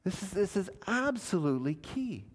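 A male pastor delivering an earnest sermon with a lively, swinging delivery. His voice sits a little high for a man, and he leans hard on key words and throws rhetorical questions at the congregation. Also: normal speed, husky. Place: church.

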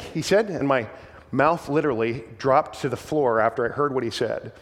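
A man's voice: mid-range voice, brisk, long reverb tail. A man preaching a sermon as pastor, earnest and emphatic, often repeating words as he restarts.

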